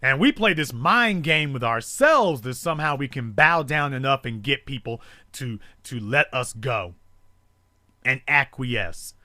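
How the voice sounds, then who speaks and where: A man hosting a call-in talk show, delivering a forceful, rhetorical monologue built on repeated emphasis. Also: medium pitch, animated, a little slow, no room sound, clean studio sound.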